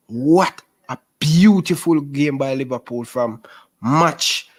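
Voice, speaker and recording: Excitable male football fan host. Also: mid-range voice, slow pace. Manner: excitable, repetitive, calls people bro. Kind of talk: casual post-match fan stream.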